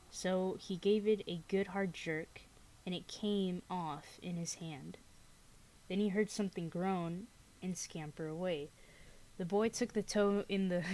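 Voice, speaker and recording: Young woman podcast host reading a spooky story, slow and easy, kinda low voice. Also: a little mellow, low-quality recording. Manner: laid-back, unhurried reading with giggles. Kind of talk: reading a scary story aloud, casual chat.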